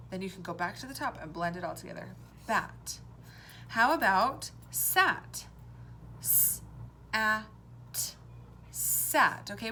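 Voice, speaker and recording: A woman teacher giving a recorded phonics lesson for young children, sounding out words slowly and clearly, letter by letter. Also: on the high side, pushed and bright, slight background noise.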